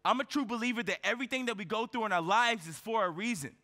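Male keynote speaker, high bright voice, storytelling style, lots of rhetorical questions. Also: fast. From United States. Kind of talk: motivational keynote speech. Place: large event hall on stage. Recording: reverberant conference hall.

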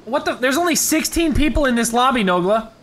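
A man hosting a gaming video, chatting casually over gameplay, excitable and swearing, yelling when frustrated. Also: very high voice, fairly quick, slight background noise.

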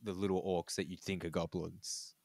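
Podcast co-host, man, very low voice, rambly, lots of "like" restarts. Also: level tone, gravelly, darkish tone, no echo, clean studio sound. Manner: rambling, halting with repeated fillers. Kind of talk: casual chat.

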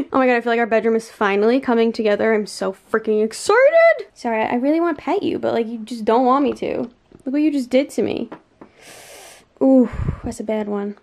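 A young woman in her twenties chatting casually in a home vlog, bubbly and talkative, squealing with excitement and talking to her cats. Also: on the high side, fairly quick, vocal fry. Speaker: vlogger. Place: home bedroom and kitchen.

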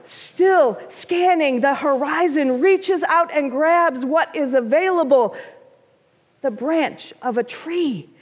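A woman pastor tells a story from the pulpit in a high, slow, unhurried voice. She gives the quoted figures small voices of their own. The sound rings with the long reverb of a church sanctuary. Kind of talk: storytelling sermon.

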